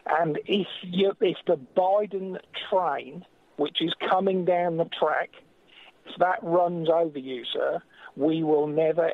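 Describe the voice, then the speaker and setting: An English man calls in to a talk radio show, his voice sitting a touch high and coming through a thin, phone-like line. He speaks earnestly and with deep feeling, and the audio is dry and close. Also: dry recording. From England. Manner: earnest, impassioned, slows when emotional. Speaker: caller. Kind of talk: call-in radio.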